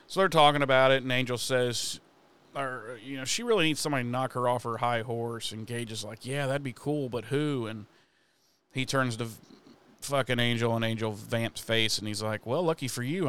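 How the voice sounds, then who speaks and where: Animated, bright-voiced man recapping an episode. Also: mid-range voice, clean tone. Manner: animated retelling, acts out characters' lines, swears freely. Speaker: podcast co-host. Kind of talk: casual recap chat.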